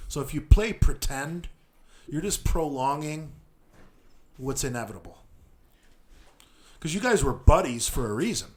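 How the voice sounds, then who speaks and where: A man's voice: fairly high pitch, animated, unhurried, long pauses, a little mellow. A man, a podcast guest giving blunt, profane advice in crude casual banter.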